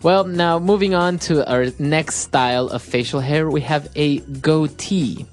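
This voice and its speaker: A woman hosting an English lesson, who explains words in a relaxed, casual way. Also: sits low, unhurried, faint music behind. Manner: relaxed, explaining, agreeing often. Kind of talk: casual teaching chat.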